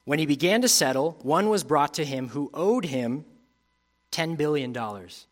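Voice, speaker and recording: A man's voice: fairly high pitch, expressive, moderate pace. Male pastor preaching a sermon. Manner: reads scripture aloud, rising in intensity, then drops to quiet reflection.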